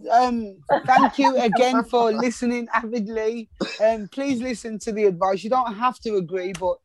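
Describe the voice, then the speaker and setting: A woman's voice: fairly high pitch, fairly even intonation, normal speed. A woman co-hosting a casual podcast chat, teasing and laughing, with lots of "um"s and "you know what I mean.". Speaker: podcast co-host.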